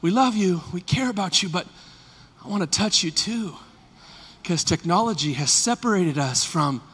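Fervent husky-voiced pastor preaching. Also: male voice, sits high, expressive, normal speed, in a large hall. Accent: Californian. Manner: swings from soft confiding to shouted fervor. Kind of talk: sermon.

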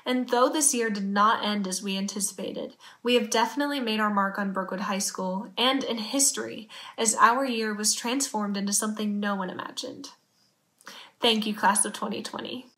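A woman finishes a graduation address in a formal, reflective manner. Her voice is bright and crisp. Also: medium pitch, moderate pace. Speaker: class speaker. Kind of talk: ceremony speech.

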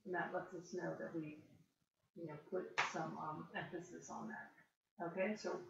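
A woman tutoring a reader one-on-one, patient and encouraging, explaining words slowly. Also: on the low side, gravelly, very noisy. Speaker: reading tutor. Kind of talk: one-on-one reading lesson. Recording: distant, echoey, dull-sounding room recording.

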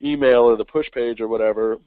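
A man giving a casual webinar talk, acting out quick voices of kids and parents. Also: mid-range voice, fairly even intonation, smooth, no room sound. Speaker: webinar presenter. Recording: tinny phone-like line, dry.

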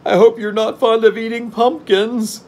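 A man voicing a jittery pumpkin-headed storybook fellow who squeaks his worries in a thin, high voice that sits far above a low reading voice. He sounds timid and fretful. A faint hiss lies under the recording. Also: flat delivery, moderate pace, darkish tone. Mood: fearful. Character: fearful male pumpkin-headed man, anxious.

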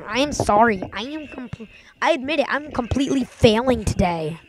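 A young woman hosting a gaming channel, giving casual let's-play commentary and yelping and shouting catchphrases as she plays. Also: on the high side, moderate pace. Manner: excitable, yelps and shouts catchphrases.

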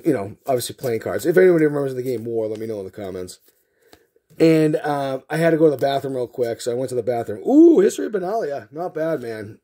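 This card-opening video is hosted by a middle-aged man from Massachusetts whose mid-range voice has a breathy edge. He fills the gaps between packs with a long, rambling childhood story, telling it animatedly with plenty of fillers.

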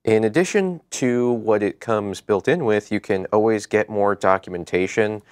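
Low-voiced man co-hosting a tech show. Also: normal speed, clean tone, no echo, clean studio sound. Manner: enthusiastic, conversational. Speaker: co-host. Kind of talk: casual tech show chat.

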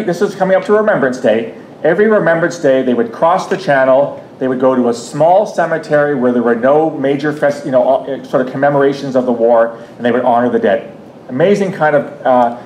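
A Canadian man in his fifties giving a public talk, telling a personal story in a conversational way with frequent restarts and asides. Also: darkish tone. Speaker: guest speaker. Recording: echoey room, faint rumble.

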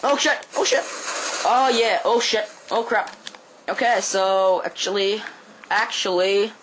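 A man with a Quebec French accent, a native French speaker, talks through his gameplay at an easy, slow pace. He swears freely and breaks into sudden high-pitched yelps and cries during the action. A faint noise hums beneath his voice. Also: steady tone. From Quebec, Canada. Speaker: gameplay commentator. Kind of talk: casual gameplay commentary.

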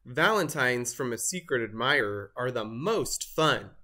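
A man's voice: medium pitch, expressive, a little slow, pushed and bright. A man voicing a gleeful trickster turkey. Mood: delighted. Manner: gleeful, delighted. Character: playful trickster male turkey, cheerful. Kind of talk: storybook character voice.

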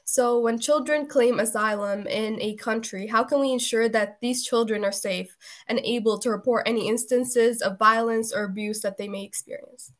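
A young woman from Syria speaks on a youth panel with a fairly high voice. She delivers her prepared remarks earnestly and in orderly, numbered points. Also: steady tone, normal speed, hardly any pauses. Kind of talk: prepared speech.

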